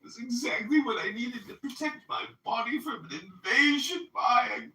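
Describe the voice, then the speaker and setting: A man putting on a fake English accent to mock a smug man who defends his vaccine in a high, theatrical voice. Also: expressive, moderate pace, distant mic, slight background noise, heavily acted. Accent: put-on English. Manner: mocking, theatrical, rising to shouts. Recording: echoey room, off mic.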